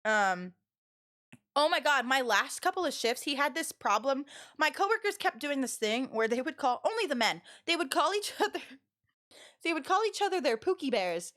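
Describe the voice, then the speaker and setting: A young woman streaming live, telling rambling stories to her chat in a loud, animated way with lots of fillers. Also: sits high, normal speed. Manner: loud and expressive. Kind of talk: casual storytelling to a live chat.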